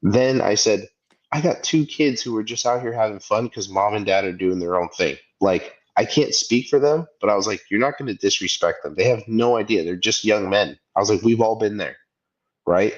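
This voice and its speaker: A man's voice: on the low side, normal speed, muffled recording. A man in his thirties co-hosting a podcast, telling a story in casual chat and acting out the people in it. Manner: animated storyteller, acts out quoted voices. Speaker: podcast co-host.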